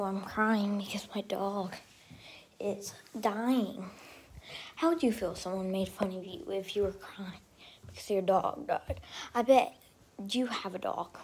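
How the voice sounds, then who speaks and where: A woman talking to camera in a rambling, profane vlog rant, swinging between loud outbursts and half-whispered asides. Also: a little high, slightly rough. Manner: profane and ranting. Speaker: vlogger.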